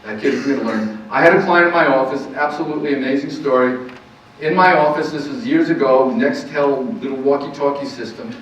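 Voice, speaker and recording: A counselor gives an earnest parenting lecture to a live audience, restating his key points and posing rhetorical questions. His mid-range, fairly bright voice moves fairly quickly, and the recording is very echoey, distant and muffled, with slight background noise.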